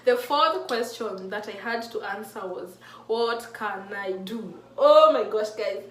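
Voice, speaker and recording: A woman's voice: mid-range voice, unhurried, fairly bright tone, a little hiss or hum. A woman in her mid-twenties talking earnestly and emotionally about her faith, with many restarts, in a casual vlog. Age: mid-20s. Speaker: faith vlogger. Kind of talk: casual heartfelt talk to camera. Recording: echoey room from a distant mic.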